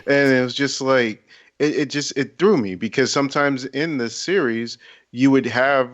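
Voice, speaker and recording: A man's voice: mid-range voice, normal speed, a bit bright. A man co-hosting a podcast, giving a casual review and repeating words before his points. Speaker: podcast co-host. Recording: dull lo-fi mic.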